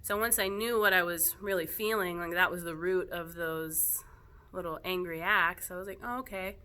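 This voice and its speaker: A woman yoga teacher speaking casually to her students in a gentle, reflective way, laughing softly now and then. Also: on the low side, steady tone, normal speed. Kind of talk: casual spoken talk to students.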